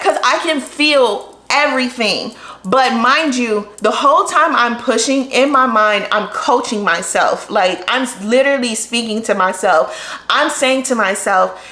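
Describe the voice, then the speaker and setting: A young woman vlogger telling a personal story, candid and animated, with lots of "like" fillers. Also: fairly high pitch, measured pace. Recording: echoey room.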